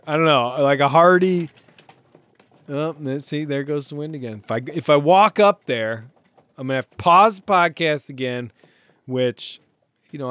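A man's voice: medium pitch, a bit bright, clear, resonant tone, no room sound. A man talking casually while alone on a sailboat offshore, rambling and joking at his own expense. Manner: rambling, self-mocking, laughs often. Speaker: solo sailor podcaster. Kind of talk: casual talk.

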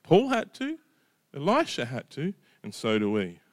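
Middle-aged man, pastor, conversational sermon, mid-pitched voice, dry close sound. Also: huge pitch swings, measured pace, no room sound. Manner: conversational, drops in "right?" and "you know".

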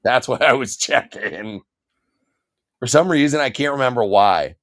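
A man's voice: medium pitch, expressive, unhurried, a bit bright. A man co-hosting a casual podcast chat, swearing often and thinking aloud as he weighs his picks. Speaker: podcast co-host.

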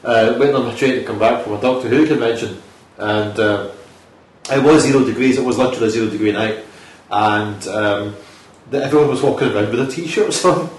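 A man's voice: mid-range voice, brisk. Jokey man in an echoey room. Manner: chatty, laughs often, jokey. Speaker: podcast co-host. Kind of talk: casual chat. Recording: echoey room, mic far off, faint noise.

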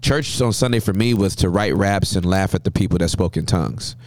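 A man in his forties from Southern California, a pastor telling stories as a guest in an interview, with a humorous, lively manner. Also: low voice, a little fast, no echo. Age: 40s. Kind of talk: interview storytelling.

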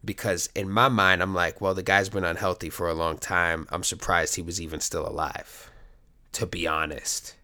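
A man's voice: low voice, flat delivery, moderate pace, bright, forceful tone. A middle-aged man, a coach, talking candidly to his viewers in a rambling, profane, joking way. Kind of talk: casual monologue to viewers.

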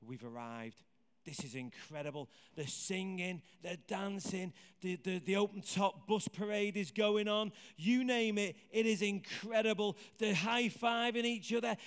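A man preaching a sermon in a conversational, animated way, asking the congregation questions. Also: high voice, unhurried, clear, resonant tone. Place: church hall with congregation. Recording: hall reverb.

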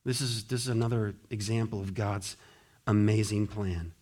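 Fervent pastor preaching with big dynamic swings. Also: male voice, lowish voice, fairly even intonation, moderate pace, darkish tone. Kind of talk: sermon.

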